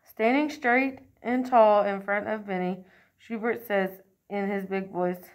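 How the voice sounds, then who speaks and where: A woman reading a children's picture book aloud in a clear, expressive and unhurried way. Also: medium pitch. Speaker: storyteller.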